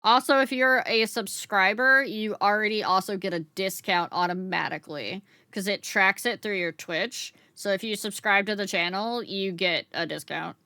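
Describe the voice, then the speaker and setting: A woman's voice: medium pitch, moderate pace, hardly any pauses, bright, forceful tone, dry recording, clean studio sound. A woman streamer chatting casually with her live chat while she crochets, swearing freely and laughing often.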